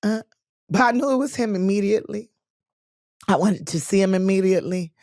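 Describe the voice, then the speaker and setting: A woman guest telling personal stories in an interview, animated and quick to act out the voices of the people in them. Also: mid-range voice, dry recording, studio quality. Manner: animated storyteller acting out quoted voices. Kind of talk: storytelling interview.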